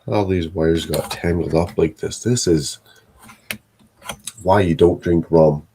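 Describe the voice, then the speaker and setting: A man builds sets while live streaming from home, rambling, swearing, and muttering to himself as he talks casually with his chat. His voice is low and dark, he speaks slowly, and there's slight background noise.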